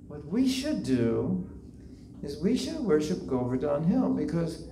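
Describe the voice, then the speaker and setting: A man voicing a calm, gentle young male deity who gives slow, earnest counsel, as part of a devotional lecture. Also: a little high. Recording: echoey hall, voice from far off.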